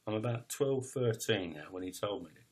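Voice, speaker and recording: A poet in his fifties pours out his life story as a personal confession, emotional and raw, with faltering restarts and blunt profanity. His lowish voice is expressive, and the recording is very noisy.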